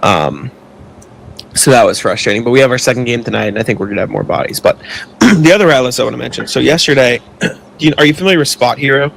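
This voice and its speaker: Gravelly young man rambling through a story. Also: mid-range voice, fast, fairly bright tone, slight background noise. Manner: rambling, heavy use of filler "like", swears when annoyed. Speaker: podcast co-host. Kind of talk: casual storytelling chat.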